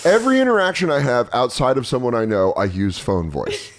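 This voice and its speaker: A man's voice: mid-range voice, wildly swooping pitch, a little fast. A man in his thirties hosting a casual podcast chat, telling jokey stories and mimicking voices. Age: 30s. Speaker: podcast host.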